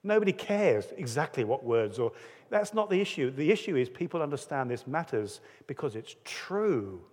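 A man's voice: medium pitch, big pitch swings, moderate pace, a little mellow. A man preaching a sermon in an earnest, conversational way, acting out quotes as he goes. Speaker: pastor. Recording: long hall reverb.

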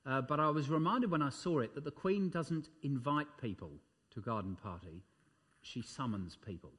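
Expressive and brisk, a man delivers a sermon in a slightly bright voice, lifting his pitch high and sinking it low for emphasis. He is emphatic throughout and often says um and uh.

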